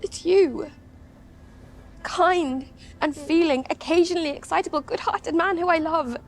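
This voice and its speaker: An actress playing an earnest young Regency lady who speaks softly and from the heart in period drama dialogue. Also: very high voice, a little slow, slight background noise. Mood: tender.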